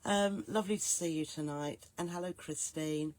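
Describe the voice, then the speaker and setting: A woman hosting a live stream, hoarse and gruff from a cold, chatting and greeting viewers by name. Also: sits low, normal speed, dry recording. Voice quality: soft, growly, gruff. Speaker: host.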